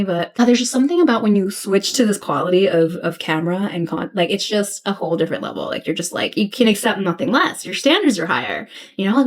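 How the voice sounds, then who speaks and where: A woman talks candidly into her computer camera for a casual vlog. She rambles loosely and swears now and then. Her voice sits at an ordinary middle pitch. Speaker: vlogger, head of social media.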